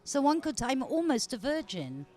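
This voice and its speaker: A woman's voice: high voice, sing-song, normal speed, darkish tone. An older woman comedian guest in a bar, talking in a mock-posh, theatrical way. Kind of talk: casual podcast interview.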